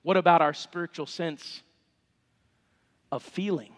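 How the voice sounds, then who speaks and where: A man's voice: fairly high pitch, fairly even intonation, unhurried. A middle-aged male pastor, preaching a sermon with fervent, impassioned appeals in a church sanctuary. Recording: long reverb of a church hall.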